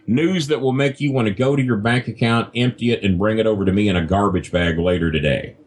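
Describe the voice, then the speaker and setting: A man's voice: lowish voice, fast talker, hardly any pauses. A man, telling crude, self-mocking stories as a podcast guest. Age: 50s. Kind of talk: casual storytelling. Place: not at a desk microphone.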